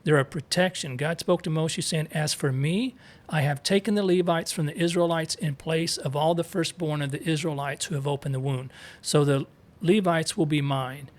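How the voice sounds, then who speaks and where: A casual Bible study features a man, slightly high-voiced for his gender, reading passages and sounding out Hebrew terms. As co-host, he explains the scripture conversationally, often wandering into asides.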